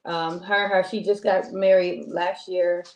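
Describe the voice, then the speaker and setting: A woman's voice: lowish voice, little pitch movement, unhurried, a little hiss or hum. A woman co-hosting a casual talk show, rambling and chatty with many restarts. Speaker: co-host. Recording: roomy echo.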